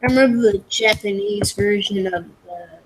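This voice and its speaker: A man's voice: sits high, normal speed, slight background noise, poor audio. A young man in his twenties chatting as a guest on a live stream, offhand and joking. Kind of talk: casual live-stream chat.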